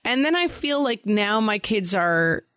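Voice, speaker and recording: A woman in her forties co-hosting a podcast, chatting in a wry, animated way and acting out her kids' voices. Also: medium pitch, measured pace, clean tone, no room sound. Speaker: podcast co-host. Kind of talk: casual chat.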